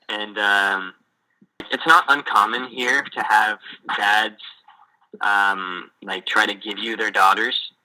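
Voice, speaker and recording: A man's voice: fairly low pitch, fairly even intonation, slow pace, long pauses, bright, forceful tone, low-quality recording. A young man from the USA, a missionary, telling stories in a rambling way on a video call, with lots of filler words. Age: young adult. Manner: rambling storyteller, heavy on fillers like "like" and "um". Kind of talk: casual chat on a video call.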